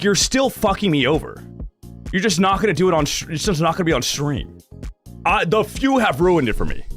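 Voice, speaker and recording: A man's voice: fairly high pitch, dry recording, clean studio sound. A young man streaming live, chatting casually with his viewers, ranting animatedly and swearing freely.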